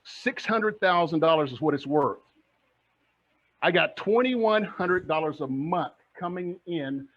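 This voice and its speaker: A middle-aged man teaching to camera as a coach, energetic and rallying, firing questions at his audience. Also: high-pitched. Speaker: real estate coach. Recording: dull lo-fi recording.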